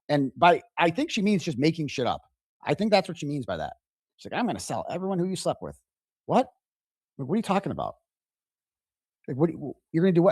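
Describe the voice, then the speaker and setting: A man hosting a live reaction stream, retelling messages in an indignant, animated way. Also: medium pitch, brisk, no room sound, clean studio sound. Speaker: livestream host.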